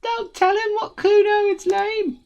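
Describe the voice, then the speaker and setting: A woman voicing a shrill, bratty young girl who needles and eggs on her friend. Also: little pitch movement, measured pace, vocal fry, darkish tone, highs cut off, heavily acted. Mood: needling.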